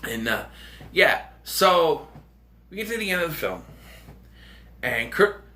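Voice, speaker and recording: Male vlogger reviewing a film, talks casually, rambles with ums and uhs, fairly high bright voice. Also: sing-song, takes it slowly, pauses often. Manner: rambling, heavy fillers, chuckling asides. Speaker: movie reviewer, channel host.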